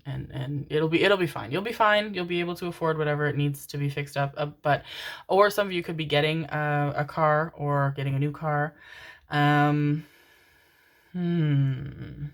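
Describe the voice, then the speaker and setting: A woman's voice: low voice, normal speed. A woman giving a casual pick-a-card tarot reading, chatty and rambling, often breaking into laughter.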